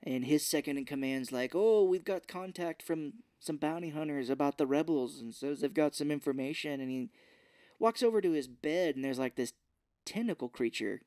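A man's voice: on the high side, moderate pace, no room sound, studio quality. A man co-hosting a podcast, casually recapping a movie scene by scene and quoting the characters in put-on voices. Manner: animated retelling with quoted voices and laughs. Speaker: podcast co-host.

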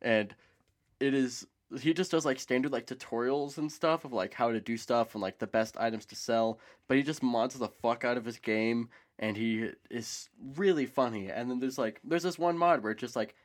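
A man co-hosting a casual chat, rambling excitedly and swearing casually. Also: medium pitch, moderate pace. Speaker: podcast co-host.

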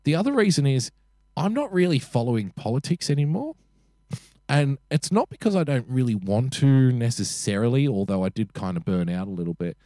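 A man's voice: medium pitch, very animated, brisk, dark tone, no room sound, studio quality. A young man co-hosting a casual podcast, rambling and self-deprecating, swearing freely. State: frequently sick. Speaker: podcast co-host.

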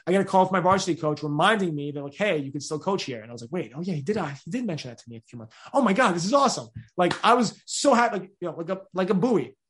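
A young man, answering interview questions in an energetic, rambling way with many restarts. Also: sits high, racing, hardly any pauses. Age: 20s. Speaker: podcast host being interviewed.

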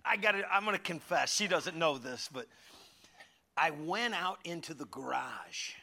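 A middle-aged man preaching a conversational sermon with humorous stories, animated, moving from loud calls to hushed asides. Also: on the high side, moderate pace. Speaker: pastor.

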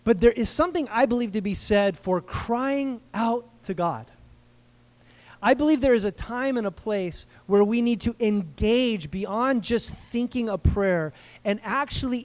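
A man preaching a sermon in a conversational way, asking the congregation questions and slowing down to stress key phrases. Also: high voice. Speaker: pastor.

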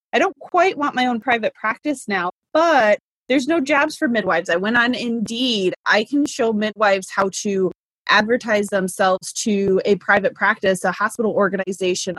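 A woman in her thirties talks as a guest in a relaxed interview. Her voice is a little husky and breathy, recorded dry and close. She rambles warmly with frequent "like" fillers. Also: medium pitch, dry recording. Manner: chatty, laughs between thoughts, many "like" fillers. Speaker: midwife and business consultant.

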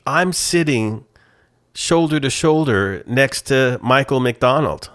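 A man telling a casual anecdote in a relaxed, rambling way during a chat. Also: mid-range voice, slow.

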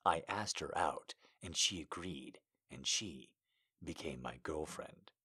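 A man putting on a hushed deep werewolf lover. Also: takes it slowly, heavily acted. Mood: tender. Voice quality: hushed, breathy murmur. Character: tender young werewolf alpha man, soft-spoken. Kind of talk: comedic reading of amateur fiction.

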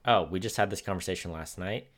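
A man's voice: low voice, quick pace, a bit bright. A man co-hosting a podcast in casual chat, talking in a rambling, laid-back way with plenty of fillers. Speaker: podcast co-host.

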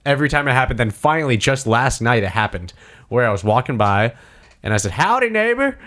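A man's voice: mid-range voice, fast. A man chatting casually about a video game, telling stories with lots of laughter and acted-out lines. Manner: animated storytelling, laughs often, acts out voices. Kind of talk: casual gaming chat.

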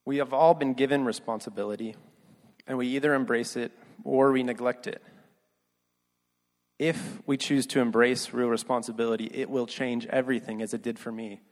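A young man preaching, telling a personal story with earnest, quiet delivery that rises for emphasis. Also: medium pitch, fairly even intonation, moderate pace. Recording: long hall reverb.

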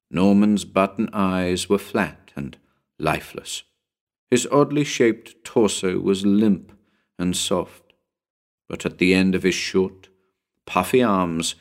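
A man narrating a spooky story as an audiobook, building suspense in a dramatic storytelling manner. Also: low voice.

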